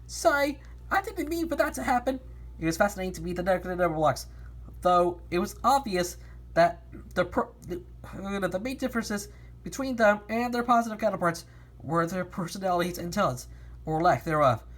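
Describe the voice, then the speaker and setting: A woman's voice: fairly low pitch, fairly quick. A woman reading a fan storybook aloud, often stumbling and restarting lines. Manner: lively, with frequent restarts and stumbles.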